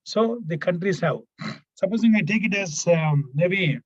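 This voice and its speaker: A man teaching a grammar class online, repeating himself often and filling pauses with "right, right". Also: high-pitched, animated, dry recording, muffled recording. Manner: repetitive, fills pauses with "what we call it as" and "right, right". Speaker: English teacher.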